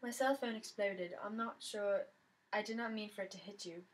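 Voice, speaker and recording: A woman reading aloud and voicing a mysterious new schoolgirl who speaks in a quiet, even, formal way. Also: medium pitch, normal speed, natural voice. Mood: calm.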